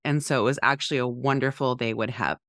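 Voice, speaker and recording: A woman's voice: rumbling low, fast talker, no room sound, clean studio sound. A woman, a podcast co-host and mental health therapist, talking candidly in casual conversation with many "like" fillers. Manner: candid, animated, frequent "like" fillers.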